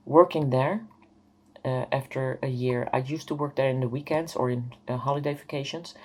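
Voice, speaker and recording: A woman's voice: a bass voice, a little mellow. A woman in her fifties telling a personal story to camera, hesitant and rambling, with many fillers. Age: 50s. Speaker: vlogger.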